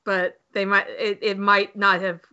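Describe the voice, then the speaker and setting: A woman's voice: medium pitch, level tone, a little slow, sharp tone, clean tone. A woman co-hosting a podcast, chatting about a film with many false starts and restarts. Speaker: podcast co-host. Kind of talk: casual film review chat. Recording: dull lo-fi podcast audio.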